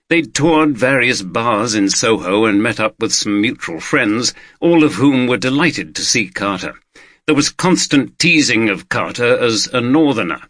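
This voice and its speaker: A man reading an audiobook in steady scripted narration into a studio microphone. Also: lowish voice, dry recording. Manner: steady, even storytelling.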